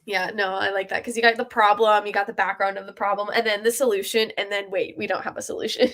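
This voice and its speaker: A woman reading her own short story aloud, then chatting in a lively way and laughing often. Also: mid-range voice, fast talker.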